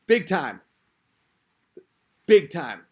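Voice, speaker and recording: High-voiced man ranting casually. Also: big pitch swings, very slow, a little mellow. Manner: rambling, crude, self-interrupting. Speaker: podcast host. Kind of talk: casual rant monologue.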